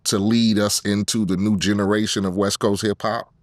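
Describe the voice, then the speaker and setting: A middle-aged man from Compton in a casual interview, talking slowly with drawn-out ums between his thoughts. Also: lowish voice, little pitch movement, dry recording, studio quality. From Compton, California. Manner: unhurried, fills pauses with drawn-out ums. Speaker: guest rapper.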